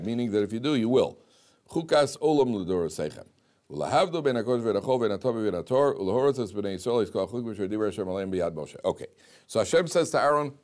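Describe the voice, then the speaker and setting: A man teaching a Torah class, reading Hebrew verses aloud slowly and explaining them, often asking the class questions and repeating himself. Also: fairly low pitch. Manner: animated, asks the class questions and repeats lines.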